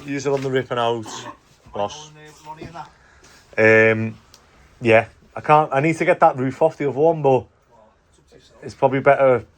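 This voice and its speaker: A building firm boss films a relaxed vlog on a work site, joking and bantering with his crew and laughing a lot. His mid-range voice stays steady at a moderate pace, broken by long pauses.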